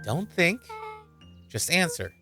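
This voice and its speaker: A streamer voicing a blunt, bossy young girl in a game, in a deliberately lowered voice with curt, commanding lines. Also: big pitch swings, sharp tone, faint music behind, full character voice.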